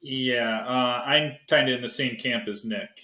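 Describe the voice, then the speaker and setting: A man's voice: medium pitch, steady tone, unhurried, pushed and bright, reverberant. A man from Buffalo, New York, a podcast guest speaking casually and hesitantly with many fillers. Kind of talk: casual chat.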